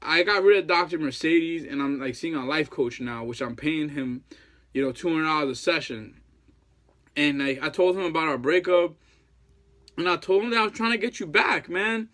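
A man in his thirties with a noticeably high voice pleads in a long rambling monologue. He circles back on himself with constant fillers and casual, profane slang, like a jilted ex talking straight to the camera. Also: normal speed, fairly bright tone. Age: 30s. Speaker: jilted ex-boyfriend.

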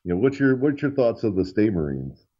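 A man with a low voice hosts a podcast, talking in a loose, profane way full of fillers. The audio is dull and lo-fi. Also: big pitch swings, normal speed, husky. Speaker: podcast host. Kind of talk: casual chat.

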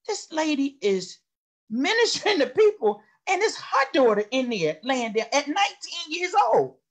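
A woman's voice: high voice, a bit bright. A middle-aged woman sharing a personal testimony in an impassioned, storytelling way. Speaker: study session participant.

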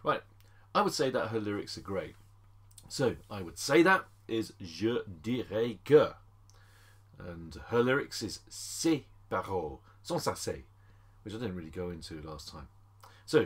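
A man teaching French phrases in a chatty lesson, calling the class ladies and gents and slowing down for each French phrase. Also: fairly low pitch, big pitch swings, breathy edge. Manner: slows down to spell out French phrases. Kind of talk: screen-recorded language lesson.

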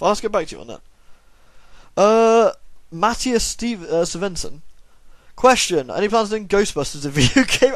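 With a high voice and no echo in the recording, a gaming YouTuber casually works through viewer questions. He's young, tired, and yawning, and his rambling answers carry a dry, self-deprecating humour.

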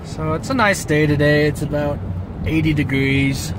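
A woman's voice: low voice, moderate pace. A woman hosting a casual family vlog, chatting with and scolding her kids. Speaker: vlog host and mother. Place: home, then inside a moving car. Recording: camera audio with clear background noise.

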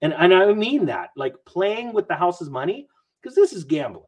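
A man talking about money and markets as a podcast guest in a rambling, animated way, acting out what other people say. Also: sits high, moderate pace. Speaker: guest investor commentator. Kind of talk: casual podcast chat.

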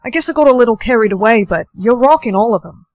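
A playful young man with a history obsession, soft-spoken and sheepish as he teases and apologizes, played by a woman. His voice sits a little high, and the scene is a scripted comedy skit. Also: lively intonation, quick pace, dry recording, poor audio. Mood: apologetic.

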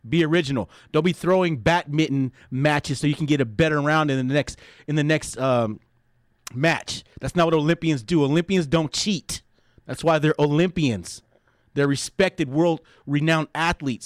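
A man's voice: a little high, no echo, studio quality. A man hosting a sports talk radio show, brash and opinionated, tacking "man" onto his sentences. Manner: brash, ends phrases with "man".

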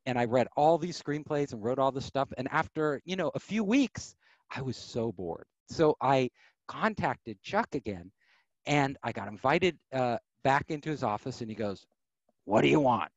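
Animated middle-aged man telling stories. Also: mid-range voice, normal speed, no room sound, lo-fi sound. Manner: animated, acts out quoted voices. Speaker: podcast guest. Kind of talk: storytelling interview.

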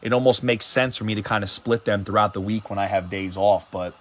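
A man hosting a trading card break livestream, calling out player names in casual commentary and getting excitable, even shouting, over big pulls, tired and hungry late in a long stream. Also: on the low side, fairly quick.

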